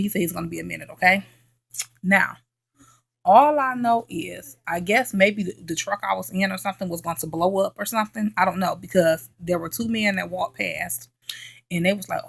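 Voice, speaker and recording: Woman vlogger, mid pitch with some fry, telling a story in an emphatic, repetitive way with lots of "okay?", close and dry sound. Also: a little fast, fairly bright tone, dry recording. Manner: emphatic, repeats herself, checks in with "okay?". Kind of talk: casual late-night storytelling chat.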